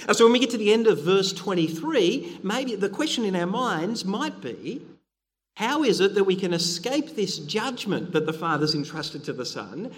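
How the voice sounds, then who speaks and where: A man's voice: high-pitched, long reverb tail. A middle-aged man preaching a sermon, earnest and conversational, with frequent fillers and restarts.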